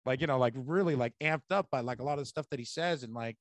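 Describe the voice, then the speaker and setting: A man hosting a comedy podcast, telling animated stories in casual chat and swearing freely. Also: medium pitch, quick pace, dry recording. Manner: animated storyteller, swears a lot.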